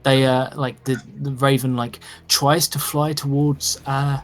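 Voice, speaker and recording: A man's voice: mid-range voice, flat delivery, unhurried. Man game master narrating casually. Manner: casual, hesitant narration full of "uh" and "like".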